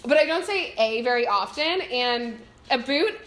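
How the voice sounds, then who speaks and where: Canadian girl vlogging, giggly and chatty, kinda high voice, echoey. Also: expressive, a little slow, fairly bright tone. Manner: chatty, giggly, self-deprecating. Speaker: vlogger answering viewer questions. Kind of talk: casual chat. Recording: echoey room.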